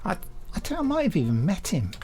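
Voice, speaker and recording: Gravelly English male podcast host, gushing, chatty, faint music under. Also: sits high, wildly swooping pitch, fast, mellow. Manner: enthusiastic, gushing, laughs often. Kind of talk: casual chat.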